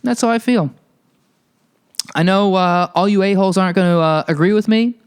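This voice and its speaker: A male podcast host delivering a heated, profane ranting monologue, telling a story with animated energy. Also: high voice, normal speed, smooth.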